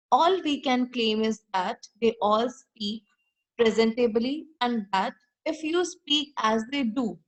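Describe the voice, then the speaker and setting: Teaching a literature lesson in an Indian English accent, a woman with a fairly high voice reads passages aloud, then rephrases them herself and raises rhetorical questions. This explanatory lecture comes through on a rough recording.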